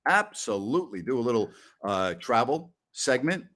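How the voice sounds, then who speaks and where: Guy in his 60s hosting a post-game show, loud rambling stories, cusses a bit. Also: medium pitch, big pitch swings, normal speed. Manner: loud, rambling storyteller, salty language. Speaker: host.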